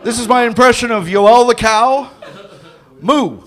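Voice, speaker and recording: A man's voice: extremely high pitch, steady tone, noisy background. A man doing a rambling, self-deprecating stand-up set on an open-mic stage. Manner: slow, rambling, self-deprecating delivery in a cow costume. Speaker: stand-up comic. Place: comedy club stage.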